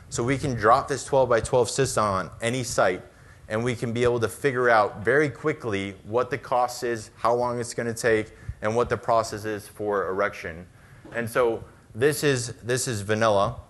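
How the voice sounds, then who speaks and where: A middle-aged American man giving a conference talk over slides, conversational and brisk, with fillers and quick asides. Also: fairly low pitch, fairly bright tone. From United States. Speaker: conference speaker.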